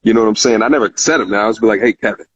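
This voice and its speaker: Low-voiced man hosting a call-in show. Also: very fast, breathy edge, dry recording, dull audio. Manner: repeats phrases, many fillers, heartfelt. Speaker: show host. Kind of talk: casual live call-in talk.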